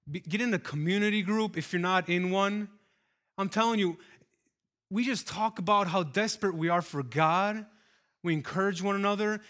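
A pastor delivers a sermon in a high, bright voice. He talks earnestly and conversationally, then builds into forceful, repeated calls to his congregation.

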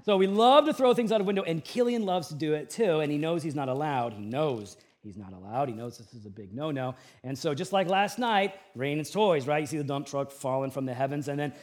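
Slightly high-voiced man preaching a sermon. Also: fairly quick, few pauses. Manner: humorous storytelling with lively shifts. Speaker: pastor.

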